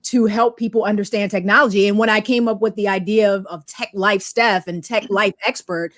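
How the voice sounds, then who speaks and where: Dry-sounding animated woman guest. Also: medium pitch, brisk, no room sound. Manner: animated, acts out voices in anecdotes. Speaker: guest, technology media expert. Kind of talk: storytelling interview talk.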